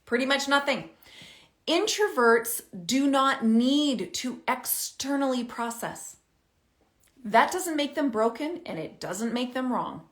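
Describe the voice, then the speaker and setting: A middle-aged woman talking casually to camera as a parenting coach, animated and chatty, thinking out loud as she explains. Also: high voice, slow. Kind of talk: casual direct-to-camera advice.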